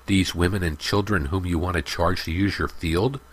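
A man voicing a strong, furious young village leader who speaks slowly and menacingly. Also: low-pitched, fairly even intonation, breathy edge. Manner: slow, cold, menacing.

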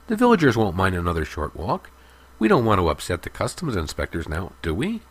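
A man's voice: deep voice, huge pitch swings, fairly quick, husky, heavily acted. A man voicing a jovial, joking young village man. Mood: mocking. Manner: mocking, then pleading.

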